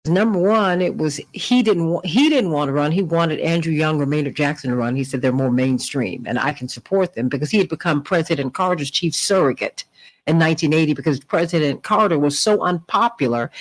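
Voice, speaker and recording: A woman hosting a radio talk show, telling stories with lively, rising delivery. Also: fairly quick, poor audio. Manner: animated storytelling, rising pitch in quotes. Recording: radio broadcast.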